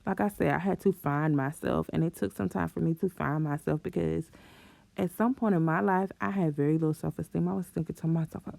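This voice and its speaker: A woman's voice: on the low side, lively intonation, a little fast, creaky, warm tone, no echo. A young woman vlogger giving self-esteem advice in a chatty, encouraging way, often breaking into laughter and playful exclamations. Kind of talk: casual advice talk to camera.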